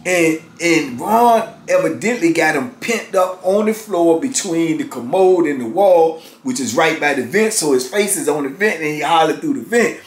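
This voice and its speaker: A man in his fifties telling a prison story in casual, animated talk. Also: on the high side, normal speed, hardly any pauses, a little hiss or hum. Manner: animated, acts out others' voices. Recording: roomy echo.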